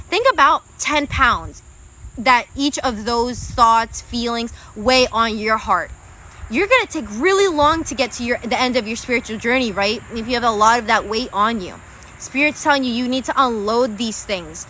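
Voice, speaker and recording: A woman's voice: a little high, bright, forceful tone, a little hiss or hum. A young woman giving live-stream tarot readings, chatty and casual, swearing freely and calling her viewers guys and babe. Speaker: tarot reader.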